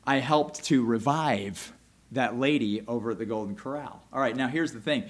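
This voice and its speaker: A man preaching a sermon in a conversational way, often asking "all right?", moving between loud emphasis and quiet, close talk. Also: medium pitch, moderate pace. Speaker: pastor.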